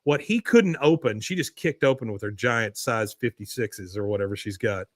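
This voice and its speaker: A man's voice: on the low side, animated, moderate pace, no echo, clean studio sound. A man hosting a podcast, recapping a cartoon episode in a wry, chatty way. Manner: wry, chatty storytelling with fillers. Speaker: podcast host.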